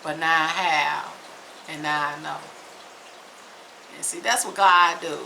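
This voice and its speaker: A woman vlogger, reading aloud slowly and reacting with emphatic exclamations. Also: sits low, fairly even intonation, creaky, sharp tone, slight background noise, low-quality recording. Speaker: vlog host reading aloud.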